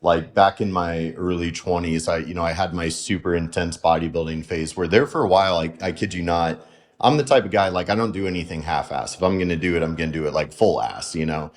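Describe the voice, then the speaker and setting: Low-voiced casual podcast host man. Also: brisk. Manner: laid-back, peppered with "like" and "you know". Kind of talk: casual interview chat.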